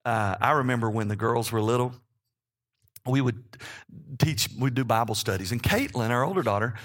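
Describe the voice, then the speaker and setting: A man's voice: mid-range voice, normal speed, fairly bright tone. Chatty pastor in his fifties preaching. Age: 50s. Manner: conversational preaching, often checking in with "okay?". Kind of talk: sermon.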